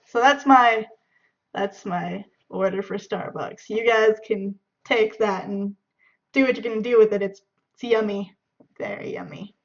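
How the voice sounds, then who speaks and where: A woman's voice: medium pitch, a little slow, vocal fry. Chatty young woman vlogger, lo-fi sound. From San Francisco Bay Area, California. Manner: chatty and giggly, acts out friends' shouting. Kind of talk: casual tag video answering questions. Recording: dull lo-fi sound.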